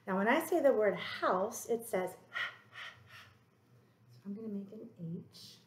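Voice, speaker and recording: A woman teacher talks young children through a phonics lesson at a very unhurried pace. She draws out each sound gently and encourages the kids. Her voice rings in a roomy, echoey space. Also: medium pitch, lively intonation. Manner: slow, drawn-out sounding of letters. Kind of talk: early-grade phonics lesson.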